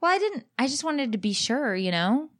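A mother co-hosting a podcast, telling stories in a chatty, animated way and acting out the quotes. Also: high voice, moderate pace. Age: adult mother. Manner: animated, comic storytelling with acted-out quotes. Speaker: podcast co-host. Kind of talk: casual chat.

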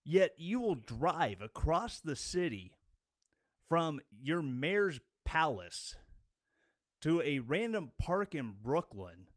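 A man's voice: a little high, very animated, slow, no room sound, studio quality. A man giving an angry, sarcastic political rant as a commentator. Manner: sarcastic and combative.

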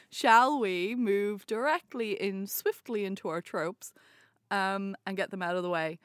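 A woman's voice: mid-range voice, slow, fairly bright tone, no echo, clean studio sound. Enthusiastic woman gushing about films. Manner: enthusiastic, gushing, laughs often. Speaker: podcast co-host. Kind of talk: casual film chat.

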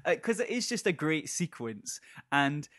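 A man co-hosting a casual film podcast, animated and laughing often as he rambles. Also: a little high, measured pace, no echo, studio quality. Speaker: podcast co-host.

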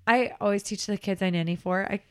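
A woman who works as a nanny, co-hosting a podcast in casual chat, earnest and animated. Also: medium pitch, a little fast, smooth. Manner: warm, earnest, animated storytelling with laughs.

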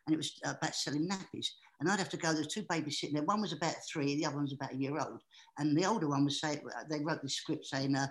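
A man with a high, squeaky, distinctive voice, telling anecdotes as an excitable, animated guest. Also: low-quality recording. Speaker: guest entertainer. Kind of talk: anecdotal storytelling.

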